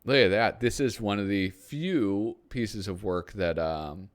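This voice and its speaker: A man's voice: fairly low pitch, measured pace. A man hosting a casual flip-through of a magazine, rambling and thinking aloud with many ums. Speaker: host. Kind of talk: casual chat while flipping through a magazine.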